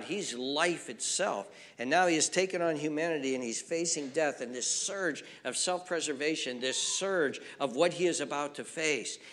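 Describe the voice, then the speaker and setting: A man pastor preaching a sermon, swinging from hushed near-whispers to raised, emphatic lines, repeating phrases as he builds. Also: fairly high pitch. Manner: repeats phrases and restarts words. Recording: long reverb from a large room.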